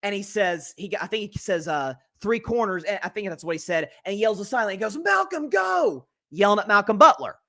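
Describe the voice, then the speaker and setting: High bright-voiced sports podcast host. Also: male voice, fast talker, few pauses. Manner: energetic opinionated rant. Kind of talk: casual sports commentary.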